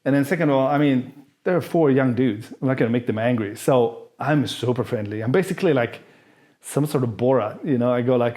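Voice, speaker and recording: A man's voice: mid-range voice, brisk, a little mellow. A man telling a personal story in casual, candid speech, freely swearing and acting out the people he describes. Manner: candid, profane, acts out the people in his story. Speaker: vlogger answering viewer questions.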